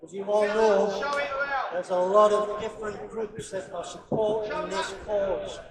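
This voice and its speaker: A man's voice: sits high, flat delivery, unhurried, reverberant. A man speaking for a biker group at a rally, plainly urging people to keep supporting the cause. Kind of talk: outdoor rally speech. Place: outdoors at a street rally. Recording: distant mic outdoors with very loud crowd.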